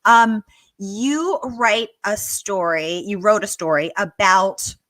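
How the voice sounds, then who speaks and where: A woman's voice: mid-range voice, expressive, takes it slowly, fairly bright tone, dry recording. Enthusiastic woman hosting a book interview. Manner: enthusiastic, with many fillers and restarts. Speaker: host.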